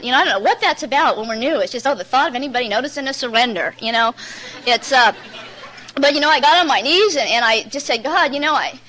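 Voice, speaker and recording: Woman, recovery meeting speaker: bright, high-leaning voice, blunt, rambling storyteller. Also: low-quality recording. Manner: candid, rambling storyteller, many "you know"s; plain-spoken and blunt. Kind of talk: personal testimony at a recovery meeting.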